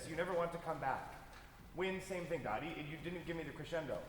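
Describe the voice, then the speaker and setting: A man's voice: a little high, lively intonation, fast talker. Man, orchestra conductor, rehearsal instruction, hums phrases, roomy concert hall, faint noise. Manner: coaching, sings phrases in syllables, tag questions. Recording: echoey hall from far off.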